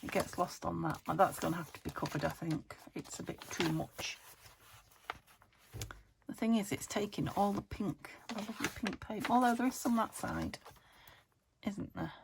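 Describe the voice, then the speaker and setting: A British woman hosting a craft channel, chatting casually as she works, talking to her materials with murmured asides and a slightly croaky voice. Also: mid-range voice, moderate pace, background noise. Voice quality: a bit croaky. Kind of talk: casual chat while crafting.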